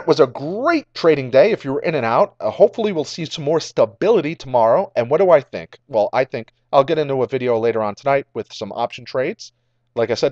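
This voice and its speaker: A man's voice: mid-range voice, a little mellow, no room sound. A man hosting a casual stock market recap over charts, rambling and cracking jokes at his own puns. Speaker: market commentary host. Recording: dry, slightly dull lo-fi audio.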